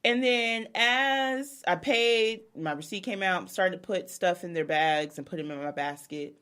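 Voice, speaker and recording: A woman's voice: fairly low pitch, a little slow, clear, resonant tone. A woman co-hosting a podcast, telling a casual story with profanity and acting out what people said. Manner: animated, profane, acts out quoted people. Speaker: podcast co-host.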